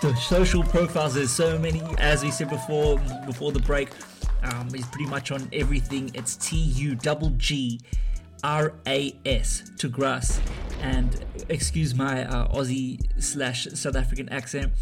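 A man's voice: medium pitch, steady tone, normal speed, over music. A man hosting a casual radio show, talking in a rambling, hesitant way with many fillers and restarts. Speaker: radio host. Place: radio studio.

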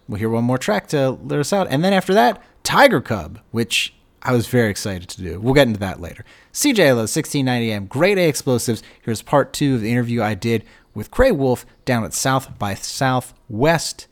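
A man hosting a radio show from a studio, talking casually and jokily, rambling with frequent restarts. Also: on the low side. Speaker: radio host. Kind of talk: casual radio talk, pre-recorded.

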